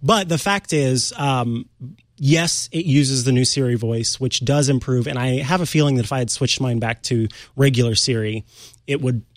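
A man hosting a tech show, chatty and playful, demonstrating things live with quick asides. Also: medium pitch, no echo, studio quality. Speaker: host. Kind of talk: casual tech show chat.

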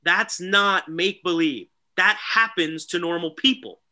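Excitable bright-voiced man chatting. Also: sits high, measured pace. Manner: excitable, animated, mimics people. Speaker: podcast co-host. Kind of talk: casual wrestling talk.

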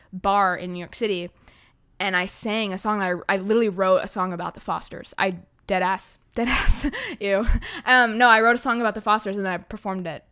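A woman's voice: mid-range voice, sharp tone. A teenage girl hosting her own podcast, rambling casually with lots of "like" and "um" and plenty of self-deprecating asides. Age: teens. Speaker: podcast host. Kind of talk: casual solo podcast chat.

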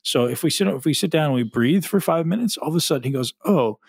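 A man's voice: on the high side, animated, quick pace, slightly rough, no room sound. A man talking as a podcast guest, intense and emphatic, swearing freely. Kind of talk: podcast conversation.

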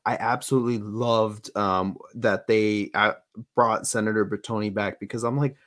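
A man co-hosting a podcast in casual chat, animated and acting out quotes in voices. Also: fairly low pitch, normal speed. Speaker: podcast co-host.

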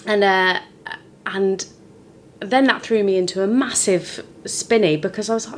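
A woman comedian from the UK, in her forties, is the guest in a podcast conversation about her life. She talks at normal speed in a mid-range voice, frank and expressive, with lively swings, over slight background noise.

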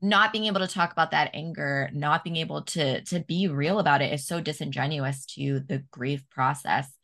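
A woman's voice: sits low, normal speed, creaky, fairly bright tone. A woman hosting a podcast, talking candidly and emphatically in casual conversation and swearing freely. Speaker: podcast host.

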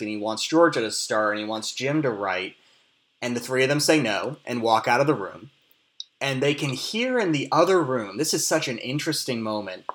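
A man's voice: mid-range voice, fairly bright tone. A man in casual film discussion, explaining plot and context at length with frequent restarts. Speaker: podcast co-host discussing a film.

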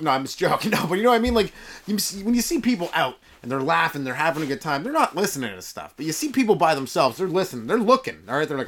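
A young man with a hoarse voice, hosting a casual comedy podcast and riffing jokes with loose fillers and restarts, recorded in a yurt. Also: on the high side, quick pace. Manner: jokey, animated, lots of fillers and restarts. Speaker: podcast host and stand-up comedian. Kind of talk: casual rambling comedy monologue. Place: yurt on a rural property.

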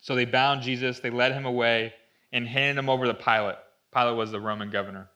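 A male pastor delivers a storytelling sermon in a bright, forceful voice at an everyday pitch. He reads the passage aloud and takes on the speakers' voices. At dramatic moments he drops into a hushed, intense tone. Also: steady tone, brisk. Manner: storytelling, acting out voices in Bible readings.

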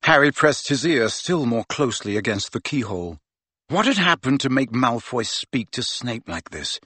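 Bright, husky male audiobook narrator. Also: mid-range voice, very animated, moderate pace, no room sound. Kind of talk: scripted fiction narration.

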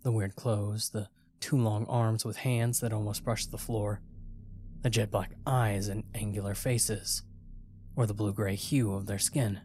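A man's voice: lowish voice, fairly even intonation, measured pace, darkish tone, a little hiss or hum. A man narrating a first-person horror story in a tense, dramatic way.

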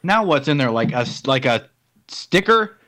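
A man's voice: mid-range voice, big pitch swings, normal speed, a bit bright. A man co-hosting a podcast, chatting casually and jokily. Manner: playful, jokey. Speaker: podcast co-host. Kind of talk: casual comedic chat.

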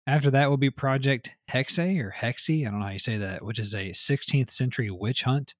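A man's voice: medium pitch, brisk, no room sound, clean studio sound. A man co-hosting a casual gaming podcast, reading news items and riffing with loose, profane chatter. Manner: reads news items then riffs loosely, swears often.

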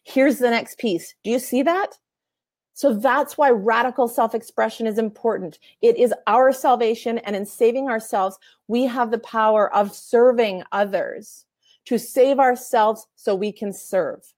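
A woman's voice: a little high, unhurried, no echo, clean studio sound. Earnest woman telling a personal story. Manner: earnest, animated, laughs often, acts out quoted voices. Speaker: author and coach.

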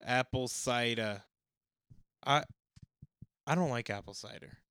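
Bright-voiced joking man. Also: medium pitch, slow pace, clean tone. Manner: goofy, jokey, bursts into loud silly singing. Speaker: podcast co-host. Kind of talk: casual banter.

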